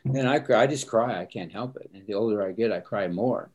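A man's voice: fairly low pitch, a little fast, dull audio. A middle-aged man, a pastor, speaking earnestly and reflectively in a conversation, often repeating words as he starts sentences. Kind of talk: conversational interview answers.

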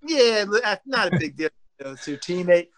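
Briskly, an ex-baseball pitcher rolls through informal anecdotes, animatedly reenacting what teammates said and tossing in casual curses.

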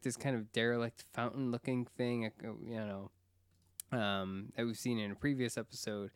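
A man's voice: mid-range voice, clean tone, no room sound, studio quality. A young man co-hosting a casual TV recap chat, rambling and enthusiastic with frequent fillers. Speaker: podcast co-host.

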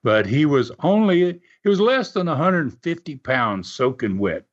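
Guy rambling through an old story, lots of uh's, slightly high voice, dull lo-fi audio. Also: sing-song, a little slow. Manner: rambling, full of "uh" fillers. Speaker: podcast host and storyteller. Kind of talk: casual storytelling.

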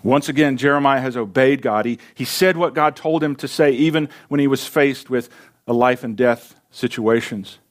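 A man's voice: mid-range voice, normal speed. A man preaching a sermon to his congregation, in a folksy, conversational way with asides to the listeners. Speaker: pastor.

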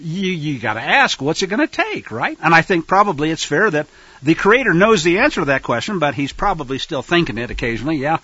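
A man teaching scripture to a fellowship, animated and acting out quoted lines. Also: on the high side, fairly quick, slightly rough, no room sound, highs cut off.

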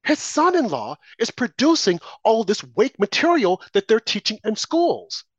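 A man's voice: sits high, very animated, normal speed, dry recording, lo-fi sound. A man co-hosting a political talk show, delivering impassioned, preachy commentary full of rhetorical questions and warnings.

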